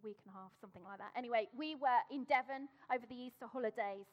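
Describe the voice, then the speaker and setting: A woman's voice: on the high side, racing, muffled recording. A middle-aged woman preaching a sermon, emphatic and repeating her phrases for effect.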